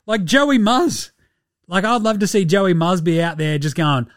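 Aussie male pod host, slangy and sweary, slightly high voice, dry close mic. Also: lively intonation, normal speed, no room sound. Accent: Australian. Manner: laid-back, slangy, swears freely. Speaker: podcast host. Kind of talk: casual sports podcast chat.

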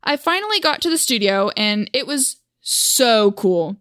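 A woman's voice: fairly high pitch, big pitch swings, measured pace, a bit bright, dry recording, clean studio sound. Wry young woman telling a story. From Oklahoma. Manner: wry, self-mocking and chatty. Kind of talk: storytime vlog narration.

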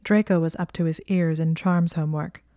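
A woman reading a fan fiction story aloud as an audiobook, in calm, measured narration. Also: low voice, no room sound, clean studio sound. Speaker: audiobook reader.

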